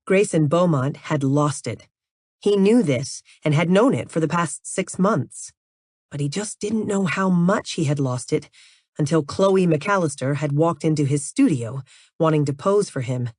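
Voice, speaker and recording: A woman with a low, deep voice reads an audiobook aloud in an even, measured way. The recording is close and dry, with no room sound around her. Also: no echo. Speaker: audiobook narrator. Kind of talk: scripted audiobook narration.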